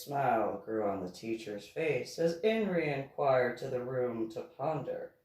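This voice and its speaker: Woman, author reading aloud, slow deliberate pace, wide pitch swings, roomy distant recording. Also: animated, a little mellow. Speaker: author reading her novel. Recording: echoey room, far from mic.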